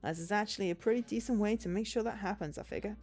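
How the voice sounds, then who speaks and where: A woman's voice: mid-range voice, fast, a little mellow, slightly rough, soft background music. A woman voicing a folksy, smug big male bartender spirit in a put-on, exaggerated American drawl, calling people little lady and sweetie while reading a visual novel aloud. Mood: warning.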